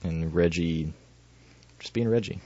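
A man co-hosting a podcast in casual chat, quick and playful, laughing often. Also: sits low, a little mellow, no echo, lo-fi sound. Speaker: podcast co-host.

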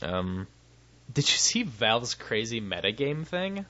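Guy cohosting a podcast, bright voice, rambles and laughs a lot, dull lo-fi audio. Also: medium pitch, big pitch swings, slow, no room sound. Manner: rambling, self-interrupting, laughs often. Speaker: podcast co-host. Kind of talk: casual chat.

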